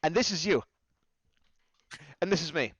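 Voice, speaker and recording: A man co-hosting a casual fan discussion, lively and laughing often, acting out quotes in a high voice. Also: normal speed, no room sound, muffled recording. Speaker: co-host.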